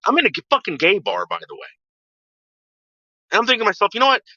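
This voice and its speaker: A man's voice: high voice, wildly swooping pitch, fast talker, pushed and bright, no room sound. A man telling a story from his past in a casual, profane way, acting out the voices of the people he quotes. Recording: dull lo-fi sound.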